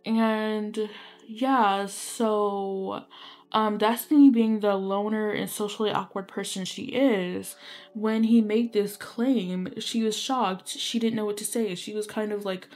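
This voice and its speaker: A woman's voice: mid-range voice, fairly even intonation, slow pace, darkish tone. Young woman, casual storytelling, rambling, lots of fillers, apologetic asides. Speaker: gaming video creator. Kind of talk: casual storytelling while playing.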